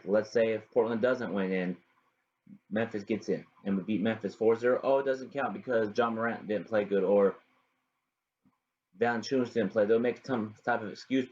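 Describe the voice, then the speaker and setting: Man, young adult, casual sports talk, repeats himself, greets viewers, deep-ish, dull recording. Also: a little mellow. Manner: rambling, repeats "you know what I mean", greets viewers by name. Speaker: sports podcast host.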